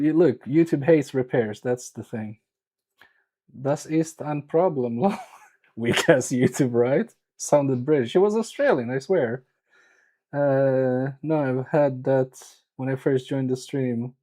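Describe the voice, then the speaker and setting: A man's voice: medium pitch, takes it slowly, warm tone. A man chatting casually on a live stream while repairing electronics, joking and teasing his viewers in a self-mocking way.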